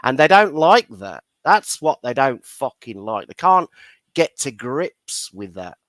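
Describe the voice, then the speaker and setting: A man's voice: medium pitch, very animated, a little slow, a bit bright, no echo. A man hosting a casual livestream chat, blunt and full of swearing, laughing often. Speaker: livestream host.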